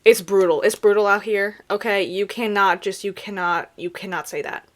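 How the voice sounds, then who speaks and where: A young woman giving sarcastic, animated comedic commentary on videos, with laughing asides. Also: medium pitch, moderate pace. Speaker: reaction video creator.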